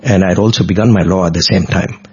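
A man's voice: low-pitched, fairly even intonation, fast, warm tone, slightly rough. A middle-aged man, earnestly recounting a devotional personal story in vivid detail in an interview. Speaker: guest. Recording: dull lo-fi recording.

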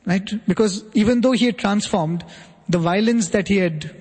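A man telling an earnest devotional story to an audience, often checking in with a quick "right?". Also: sits high, a little mellow, slightly rough. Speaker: spiritual speaker. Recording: long hall reverb.

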